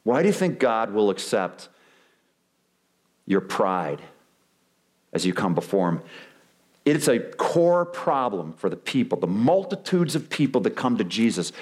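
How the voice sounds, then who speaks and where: A male pastor preaching a sermon, animated, acting out quoted excuses with big swings in his voice. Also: on the low side, unhurried. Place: church sanctuary.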